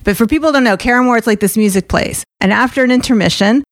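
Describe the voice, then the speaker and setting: A woman's voice: on the high side, quick pace, no echo. A woman hosting a podcast interview, chatty and telling personal stories. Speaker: podcast host. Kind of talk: casual interview chat.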